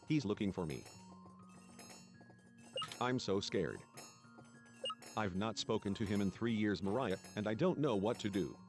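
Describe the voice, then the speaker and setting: A man reading game dialogue and narration aloud in a let's play. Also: fairly low pitch.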